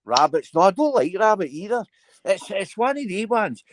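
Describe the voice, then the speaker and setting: A man's voice: sits high, sing-song, normal speed, no echo. A Scottish man hosting a live chat from home. He rambles casually and keeps his callers in line. His voice sounds close and dry, with no room around it. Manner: chatty, scolds callers. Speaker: livestream host.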